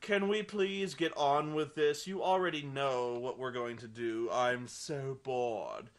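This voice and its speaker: A man doing a bored, droning vampire. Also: medium pitch. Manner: slow, listless drawl. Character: bored, sluggish male vampire.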